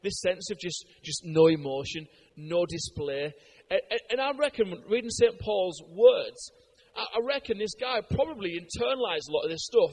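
A man from Britain, English and high-voiced, preaches at a normal speed. His sermon is conversational and animated, built on anecdotes and sprinkled with frequent fillers.

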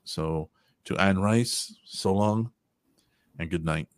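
A man hosting a casual podcast, telling stories in an animated, profane way and acting out quotes. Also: low voice, slow, no room sound, studio quality. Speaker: podcast host.

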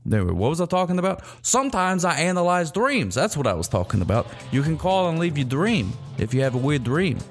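A man's voice: a little high, big pitch swings, fairly quick, hardly any pauses, soft background music. A man hosting a comedy radio show, rambling goofily and giving mock-serious advice. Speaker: host.

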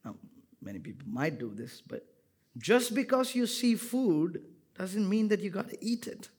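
Preaching with a husky, high-pitched voice, this pastor is very animated yet keeps a normal speed. His repetitive cadence stacks lines up to loud, emphatic climaxes before falling to quiet asides, and he jokes playfully with the congregation along the way.

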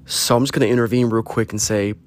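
A man's voice: lowish voice, steady tone, fast talker. A man giving a heartfelt, rambling personal monologue, earnestly urging listeners to reach out to friends. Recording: faint guitar music behind.

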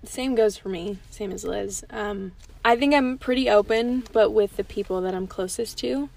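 A woman's voice: medium pitch, moderate pace, creaky, darkish tone. A young woman in a casual group chat, speaking earnestly and reflectively.

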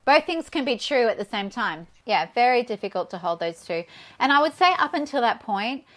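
A woman's voice: a little high, lively intonation, fairly quick. An Australian woman in her thirties, a guest telling a personal story in an interview, candid and a little shaky with nerves.

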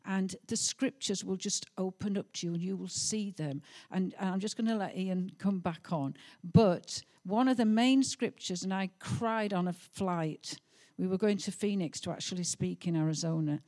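A woman's voice: mid-range voice, normal speed, a little mellow. A middle-aged woman telling a heartfelt testimony story during a sermon, with some hesitations. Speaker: pastor's wife.

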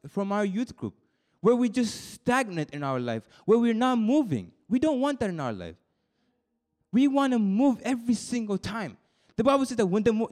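Brief: young man, youth preacher, fairly high voice, moves between quiet confession and excited high-pitched bursts, repeats himself as he goes. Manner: swings from soft confiding to high excited bursts; repeats words and restarts mid-sentence. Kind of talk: sermon.

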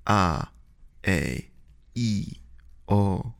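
A man's voice: low-pitched, lively intonation, very slow, gravelly. A man from Chicago, a podcast co-host, musing in casual chat with wordy asides.

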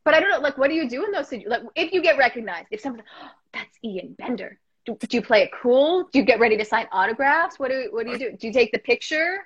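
A young woman hosting a casual chat, telling stories in a rambling, animated way with lots of restarts. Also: high voice, racing, few pauses, breathy edge. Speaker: podcast host. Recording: dull lo-fi audio.

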